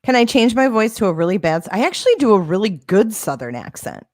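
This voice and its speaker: A woman's voice: medium pitch, big pitch swings, quick pace, darkish tone, no room sound, studio quality. A woman hosting a casual livestream, answering viewer comments in a sarcastic, defensive way. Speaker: livestream host.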